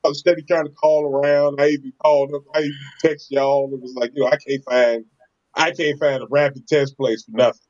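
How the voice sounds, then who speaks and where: A man tells a casual, animated story to his co-hosts, often laughing and acting out what people said. His voice sits in an ordinary middle pitch. The recording is slightly dull and lo-fi. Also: fairly quick.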